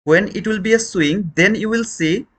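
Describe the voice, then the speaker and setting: A man's voice: sits high, normal speed, a bit bright. A man teaching a trading lesson on a live stream, questioning viewers and repeating his points in non-native English phrasing.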